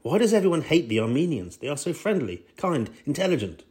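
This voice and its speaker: A man's voice: a little high, sing-song, a little fast, a little mellow, pitched above the performer's own voice. Male reader voicing an eager, friendly Russian woman, read straight with no put-on voice.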